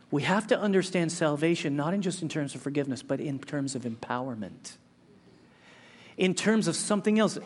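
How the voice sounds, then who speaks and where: A man preaching a sermon as pastor, earnest and conversational, swinging between raised, driving stretches and quiet, slow reflection. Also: on the high side. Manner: earnest, conversational delivery with frequent restarts.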